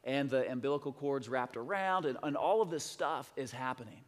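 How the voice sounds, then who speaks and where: A man preaching a sermon, telling a story in an excitable, rambling way with many restarts. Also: mid-range voice, moderate pace. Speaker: pastor. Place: church sanctuary. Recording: long church hall reverb.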